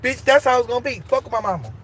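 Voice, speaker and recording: A woman's voice: on the high side, very animated, rapid-fire, slight background noise. A woman hosting a casual live stream, talking emphatically and with plenty of swearing, moving between heated outbursts and tender encouragement.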